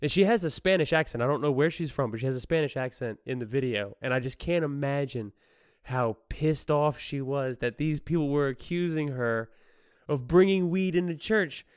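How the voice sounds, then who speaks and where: A man's voice: fairly high pitch, moderate pace, clean tone, no room sound, clean studio sound. A man hosting his own podcast, retelling a news story in casual chat and laughing often as he goes. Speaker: podcast host. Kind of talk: casual solo podcast commentary.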